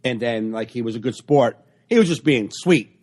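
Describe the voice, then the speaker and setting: A man's voice: medium pitch, moderate pace. A man, a stand-up comedian, telling stories in a casual podcast chat over a video call and acting out the exchanges. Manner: animated storyteller acting out exchanges.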